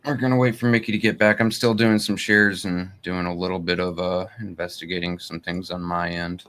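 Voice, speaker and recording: A man's voice: low-pitched, little pitch movement, fairly quick, fairly bright tone. A man co-hosting a casual livestream chat, chiming in with dry, wry comments. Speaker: livestream co-host.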